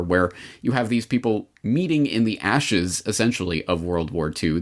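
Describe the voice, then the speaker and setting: A man hosting a show, talking through history in an unscripted, discursive way, wry and stressing key words. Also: low-pitched. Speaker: podcast host.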